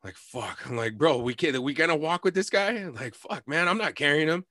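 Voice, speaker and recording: A man's voice: fairly high pitch, normal speed, no echo, clean studio sound. A young man telling a story in casual chat, cursing a lot and acting out quotes. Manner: animated storytelling, heavy cursing, acts out quotes.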